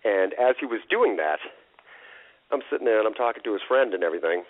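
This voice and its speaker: A man telling stories as an interview guest, lively and laughing often, acting out the people he quotes. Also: on the low side, quick pace, no echo. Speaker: guest, wrestling impersonator. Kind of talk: animated storytelling interview. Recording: tinny phone-quality line.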